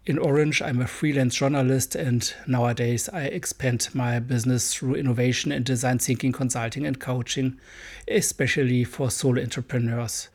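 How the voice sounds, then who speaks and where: A man with a German accent, English not his first language, talks through his own podcast in a careful, earnest way. His voice is gravelly and a little husky, at an ordinary pitch. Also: fairly even intonation, moderate pace, a little mellow. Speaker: podcast host. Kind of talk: solo podcast monologue.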